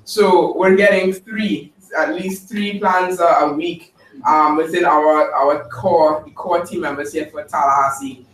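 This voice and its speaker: A man's voice: on the high side, steady tone, measured pace, few pauses, fairly bright tone, distant mic, a little hiss or hum. A man giving an upbeat, chatty report at a group meeting, with many fillers. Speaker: team member giving a report. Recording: echoey room mic from afar, light ambience.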